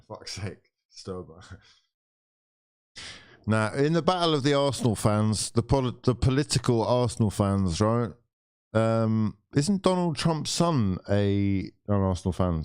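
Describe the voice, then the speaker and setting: A man's voice: medium pitch, dry recording, clean studio sound. A young man streaming a live football watchalong, ranting, swearing and bantering with his viewers. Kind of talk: live watchalong commentary and chat.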